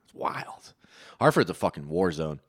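A man's voice: low-pitched, very animated, moderate pace, slightly rough. A man from Connecticut hosting a casual podcast chat, joking crudely and swearing often.

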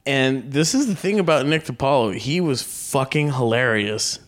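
A man with a mid-range voice retells jokes on a comedy podcast. He gets excited as he tells them and often breaks up laughing before the punchline. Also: mid-range voice, normal speed. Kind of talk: casual chat.

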